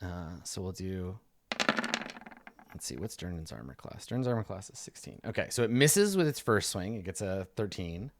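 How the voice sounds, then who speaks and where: A man's voice: deep voice, very animated, moderate pace, very noisy. A man narrating as game master in a tabletop game, describing the combat loosely with many fillers and restarts.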